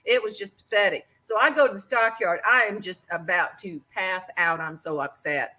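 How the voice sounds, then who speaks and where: A middle-aged woman, hosting a casual chat and telling lively stories, laughing often and acting out the people she quotes. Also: medium pitch, moderate pace. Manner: animated, laughing, acts out quoted voices. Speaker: podcast host.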